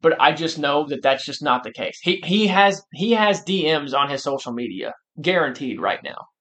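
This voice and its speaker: A man with a slightly high voice chats about sports on a podcast. He talks emphatically and with lots of animation, often restarting his sentences as he pushes his point. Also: expressive, moderate pace, fairly bright tone. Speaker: podcast co-host. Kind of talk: casual sports chat.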